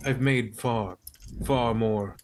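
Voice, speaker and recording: A man playing a tabletop game, speaking in a measured, polite way in character. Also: medium pitch, slight background noise. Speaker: player.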